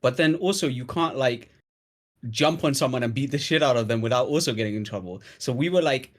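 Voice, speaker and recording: A young man in relaxed conversation, spinning a long story from his school days. His pitch sits in an ordinary middle range, and he punches key moments with sudden loud bursts. The flow is loose and chatty. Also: fairly quick. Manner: animated storyteller, swings loud for emphasis. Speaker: guest storyteller. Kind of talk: casual chat, telling a school story.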